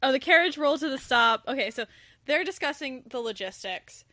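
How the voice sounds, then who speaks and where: Woman, podcast host, casual book chat, animated, bright, dry close sound. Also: fairly quick, no echo. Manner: animated, acts out quotes with big pitch jumps.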